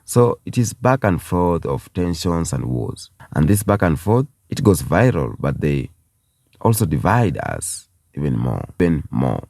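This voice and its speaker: A man's voice: very deep voice, very animated, a little slow, vocal fry, darkish tone, no echo, clean studio sound. A man from Kenya, giving an impassioned video commentary and repeating phrases for emphasis. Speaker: YouTube commentator.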